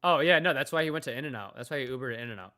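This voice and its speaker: A man's voice: medium pitch, animated, very fast, sharp tone. A young man chatting casually on his livestream, telling loose stories full of slang and swearing, calling everyone bro. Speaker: day-trading livestreamer.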